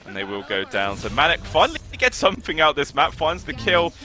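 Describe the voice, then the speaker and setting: A male esports caster with a bright, forceful tone, calling the match live. He gets excitable and jumps up on the big plays, with faint music under him. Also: on the high side, quick pace. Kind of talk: live play-by-play commentary.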